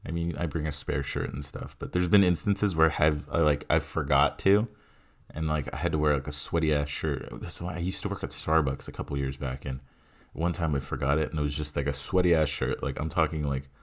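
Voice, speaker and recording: Low-voiced, rambling young man podcaster. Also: fairly even intonation, brisk. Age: 20s. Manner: rambling, profane, self-deprecating. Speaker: podcast host. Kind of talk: casual solo podcast monologue. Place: home room. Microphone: headphones with home mic.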